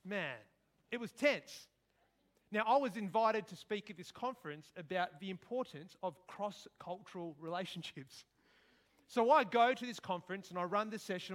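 A middle-aged man preaching a sermon, telling stories and breaking into sudden loud outbursts. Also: sits high.

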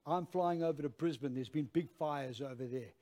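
Man, Australian accent, pastor, storytelling sermon, self-mocking, animated, high voice. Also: normal speed.

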